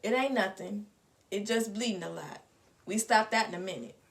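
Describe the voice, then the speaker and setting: A woman voicing an older man in a storybook read-aloud, speaking in a steady, reassuring way. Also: medium pitch, normal speed, vocal fry, lightly acted. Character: older man, gruff then calming caretaker. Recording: distant mic.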